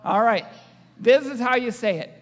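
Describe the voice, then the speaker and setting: High-voiced man preaching in a hall. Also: normal speed, fairly bright tone. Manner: joking, audience-engaging preacher. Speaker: pastor. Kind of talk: sermon. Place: church.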